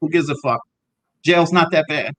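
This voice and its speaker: A man's voice: on the high side, fairly bright tone, no room sound, low-quality recording. Blunt, swearing male podcast co-host. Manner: blunt, profane, halting with restarts. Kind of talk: casual history podcast chat.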